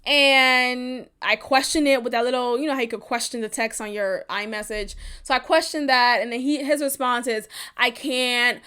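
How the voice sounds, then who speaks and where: A woman from Texas hosting a podcast, telling a dating story at home in a blunt, profane, animated way. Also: high voice, moderate pace, hardly any pauses, clear, resonant tone. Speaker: podcast host. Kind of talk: casual storytelling monologue.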